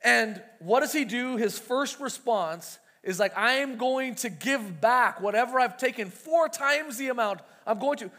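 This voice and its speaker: High-voiced preacher man in a reverberant hall. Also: animated, a little slow, hardly any pauses, bright, forceful tone. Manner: conversational, acts out quoted voices. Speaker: pastor. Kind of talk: sermon.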